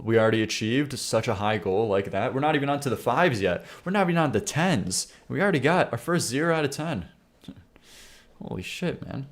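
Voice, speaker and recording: A man hosting a live stream, casually reacting to viewers' songs with wry sarcasm, laughing asides and mumbled muttering. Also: medium pitch. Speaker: streamer reviewing viewer song submissions.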